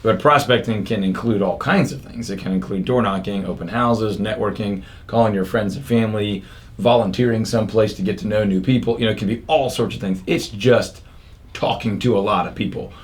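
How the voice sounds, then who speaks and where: A man's voice: lowish voice, steady tone, a little fast. Chatty man hosting a podcast. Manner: upbeat, talkative, loose with fillers and restarts. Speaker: podcast host and real estate coach. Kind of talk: casual podcast chat. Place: office studio.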